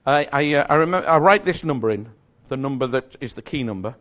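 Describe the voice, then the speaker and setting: A man's voice: medium pitch, expressive, fast talker, a bit bright. A man giving a live magic lecture to an audience, explaining step by step in a chatty, self-correcting way with small jokes.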